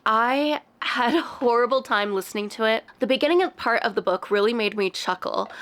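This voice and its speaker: A woman's voice: mid-range voice, a bit bright. A woman who is sick, chatting casually and candidly as she reviews books she read, laughing often. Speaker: book reviewer. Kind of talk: casual book review chat.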